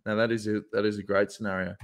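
A man's voice: lowish voice, little pitch movement, fast talker, a crowd in the background. A man hosting a podcast, chatting in a laid-back, jokey way. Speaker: podcast host. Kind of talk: casual chat.

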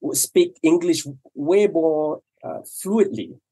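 A man's voice: a little high, lively intonation, slow pace, dark tone, slightly rough. Hesitant Malaysian man, Malay native speaker. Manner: hesitant, repeats words. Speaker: guest. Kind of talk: casual talk.

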